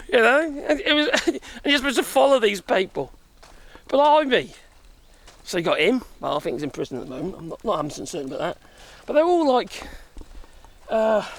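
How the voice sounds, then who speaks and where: A man's voice: extremely high pitch, fairly bright tone. A middle-aged man from Europe chatting casually outdoors while walking in the woods, out of breath, rambling, swearing and chuckling often. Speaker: vlogger.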